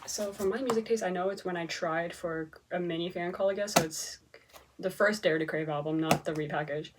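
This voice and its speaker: Young woman, casual unboxing chat, excitable, chatty, bedroom, noisy home recording. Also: mid-range voice. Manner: chatty, excitable, swears and gasps at cute finds. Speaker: vlogger unboxing K-pop merchandise. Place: bedroom with posters. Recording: home recording with audible background noise.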